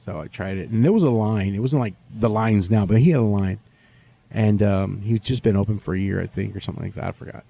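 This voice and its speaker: A man, a barbecue pitmaster telling stories in a profane, animated way during a casual interview. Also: fairly low pitch, fast talker, gravelly.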